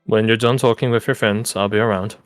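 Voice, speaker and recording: A man's voice: fairly low pitch, moderate pace, no room sound, soft background music, close to an everyday voice. Man voicing a curt mysterious swamp wanderer. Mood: terse. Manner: curt, grave warnings.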